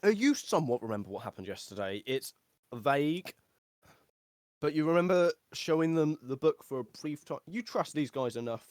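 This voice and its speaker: A man running a tabletop game as dungeon master for a live stream, playful and quick to laugh. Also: a little high, animated, darkish tone, no echo, clean studio sound.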